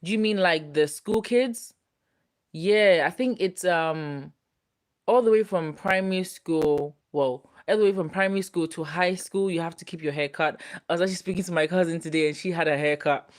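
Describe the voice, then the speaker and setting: Brief: young woman hosting a live stream, relaxed and chatty, reads out viewer comments. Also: on the low side, moderate pace. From United Kingdom. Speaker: host reading viewer comments. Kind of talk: casual live-stream chat.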